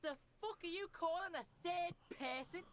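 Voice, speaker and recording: A woman's voice: very high voice, normal speed, a bit bright. A woman voicing a crude, taunting young street boy in a game. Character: foul-mouthed, aggressive young street boy.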